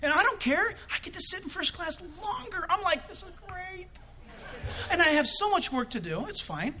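Animated high-voiced preacher man. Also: a little fast. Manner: animated, comic acting out of quoted voices. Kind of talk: storytelling sermon.

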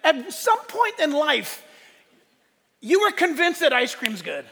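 A man delivers a sermon with emphatic rhetorical questions and sudden hushed asides. His voice sits unusually high. The sound carries a long reverb, as from a large church sanctuary. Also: wildly swooping pitch, takes it slowly, creaky, a faint crowd. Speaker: pastor.

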